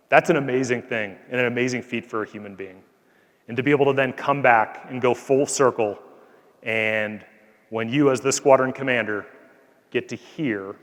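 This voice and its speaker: A man's voice: mid-range voice, fairly bright tone. A man with a mid-range voice talks to a hall full of cadets, earnest and plainspoken, leaning on casual fillers as he tells a story. His words ring out with a long reverberant tail from the large space. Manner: earnest, conversational, frequent "like" fillers. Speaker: Air Force colonel addressing cadets. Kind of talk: motivational speech with anecdote.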